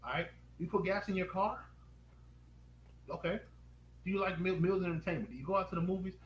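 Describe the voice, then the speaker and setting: Male live-stream host, upbeat, fires quick questions at viewers; slightly high voice, roomy echo. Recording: echoey room with faint noise.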